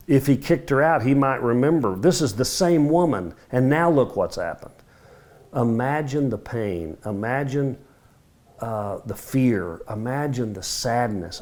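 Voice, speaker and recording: A middle-aged man teaching a Bible study, telling the story vividly and acting out the dialogue, his voice swinging between loud and hushed. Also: on the low side. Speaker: men's ministry Bible teacher.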